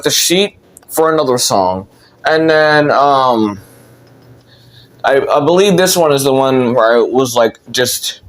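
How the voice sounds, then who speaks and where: A man's voice: on the high side, fairly bright tone. A young man telling a childhood story in casual, rambling storytelling, with lots of fillers and swearing.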